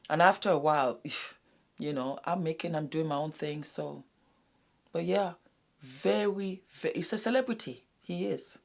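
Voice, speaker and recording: A low-pitched woman from West Africa hosts her own commentary video. She talks earnestly to her viewers as "my darlings" and often drops into a hushed whisper to press a point home. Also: a little slow, vocal fry. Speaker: YouTube host. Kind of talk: casual commentary to camera.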